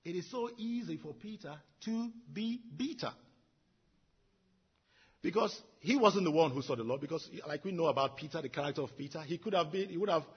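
A man preaches an earnest sermon with a very husky, raspy voice. His pitch swings widely as he drives his points home, repeating phrases for weight. The recording sounds dull and lo-fi. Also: animated, a little fast. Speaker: pastor.

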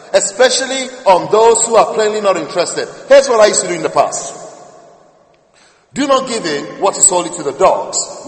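A man preaching a sermon as a minister, chatting with asides to his congregation. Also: high voice. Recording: echoey hall with long reverb.

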